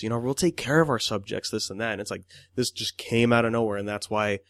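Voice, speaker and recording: A man's voice: mid-range voice, fast talker, no room sound, clean studio sound. A man co-hosting a podcast in loose casual chat, swearing often and laughing as he quotes people. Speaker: podcast co-host.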